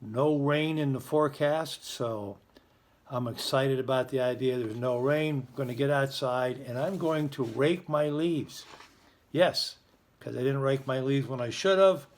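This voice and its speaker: A man's voice: medium pitch, unhurried. A man hosting a school's morning announcements, in a chatty, joking, self-deprecating manner. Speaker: school morning show host.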